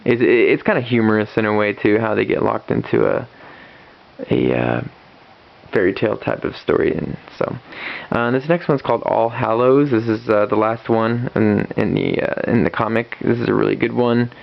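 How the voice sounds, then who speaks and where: A man with a lowish voice and vocal fry reviews a comic book casually at normal speed. He retells the story in a rambling way full of fillers and restarts, captured in a dull lo-fi recording.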